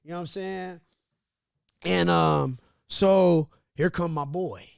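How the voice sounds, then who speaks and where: A man from Missouri, a podcast guest, telling a story in a casual, animated, profane way and acting out what others said. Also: high-pitched, slow pace, gravelly, clear, resonant tone, dry recording, studio quality. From Grandview, Missouri. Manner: animated, profane, laughs often, acts out quotes.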